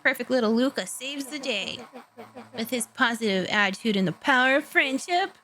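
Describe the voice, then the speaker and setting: A woman's voice: high voice, animated, normal speed, pushed and bright, a little hiss or hum, rough recording. Woman voicing bitter boy turned monster. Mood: resentful. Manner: bitter, sarcastic, resentful.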